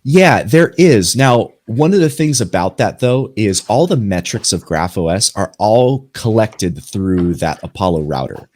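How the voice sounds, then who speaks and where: A man giving a relaxed, conversational tech presentation and answering panel questions. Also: lowish voice, measured pace, few pauses, no room sound. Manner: relaxed, conversational explainer with fillers. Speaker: presenter from a software company. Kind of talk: conference pitch and panel Q&A.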